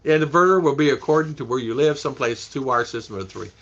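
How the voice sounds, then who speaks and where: A man's voice: medium pitch, fast talker, a bit bright, highs cut off. A man hosting a casual live stream, chatting with viewers, reading their names aloud and laughing often. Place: home in the Philippines.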